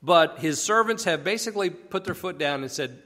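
A man's voice: a little high, lively intonation, moderate pace, pushed and bright. A man casually teaching a Bible passage, explaining conversationally and asking rhetorical questions. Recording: long echoey reverb.

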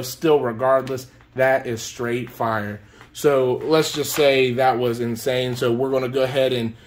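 A man hosting a card-opening video, chatting casually and breaking into excited shouts and laughter over his pulls. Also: mid-range voice.

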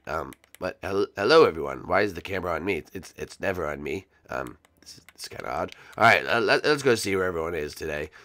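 A man's voice: low voice, fairly bright tone, no echo. A man voicing a timid, lonely male roommate who stammers and panics in a Minecraft role-play. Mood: nervous. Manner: stammering, nervous, fretful. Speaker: regular character in a series.

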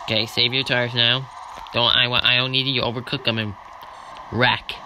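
A man giving let's-play commentary on a racing game, swinging between loud cheers and grumbling mutters. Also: mid-range voice, level tone, normal speed. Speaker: gamer playing a racing management game. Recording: noticeable background noise.

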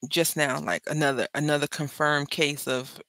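A middle-aged woman with a low-pitched voice chats and tells stories while making jewelry for her craft video, speaking at normal speed. She's an animated, joking storyteller. There's no room sound.

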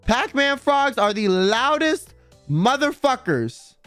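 A man's voice: very high voice, big pitch swings, takes it slowly, fairly bright tone, clear, resonant tone, dry recording, faint music behind. A man hosting a casual livestream, rambling and profane, with heavy use of "like" and dramatic emphasis. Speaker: livestream host. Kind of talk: casual stream chat.

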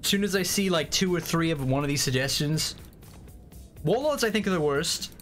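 A man livestreaming a strategy game, chatting casually and excitably with frequent swearing and rambling asides. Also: on the high side, brisk. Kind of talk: casual gameplay commentary. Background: faint game music.

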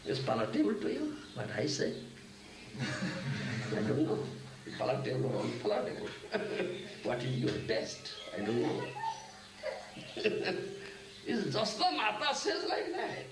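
An older man gives a spiritual lecture, slow and unhurried, and his voice leaps from low to high. He keeps checking on his listeners with short questions. The recording is echoey, and the mic sits a fair way off. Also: wildly swooping pitch, vocal fry. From India. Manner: keeps asking "Huh?" and "Isn't it?", chanting Sanskrit verses. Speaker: spiritual teacher. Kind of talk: devotional lecture. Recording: echoey room, mic at a distance, faint hiss.

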